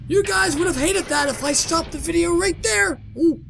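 A man doing jokey, excitable let's play commentary, exclaiming and talking to himself while playing a horror game. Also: very high voice, normal speed, creaky, few pauses, background noise. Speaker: gamer doing a playthrough. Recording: game music playing behind. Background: game music.

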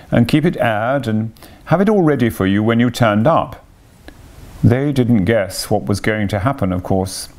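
A man's voice: fairly low pitch, darkish tone, lightly acted. A man voicing a sensible, earnest male water rat who speaks emphatically in a read-aloud storybook. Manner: emphatic, impressive.

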